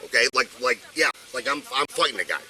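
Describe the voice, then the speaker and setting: A man's voice: mid-range voice, expressive, quick pace, sharp tone, low-quality recording. An older man arguing insistently with police outdoors, caught on a body camera. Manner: agitated, insistent, swearing. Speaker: detained resident. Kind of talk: heated argument with police. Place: outdoors on a street.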